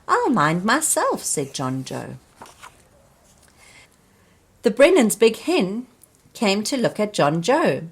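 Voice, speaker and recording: A woman reading a children's storybook aloud, slowly and expressively, speaking to young listeners. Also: mid-range voice, breathy edge. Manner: slow, expressive, addressing children. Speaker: storybook reader.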